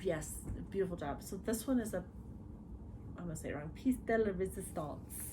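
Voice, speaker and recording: A woman hosting a casual chat among friends, animated and quoting others as she tells stories. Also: fairly low pitch, a little fast. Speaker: podcast host. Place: hotel room. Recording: noisy room ambience.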